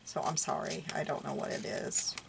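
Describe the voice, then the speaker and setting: A woman's voice: low-pitched, moderate pace, vocal fry, noisy background. An older woman with a Southern US accent talks to herself as she crafts. She sounds tired, sighs often and laughs between sentences. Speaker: craft vlogger. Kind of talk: casual talk while crafting.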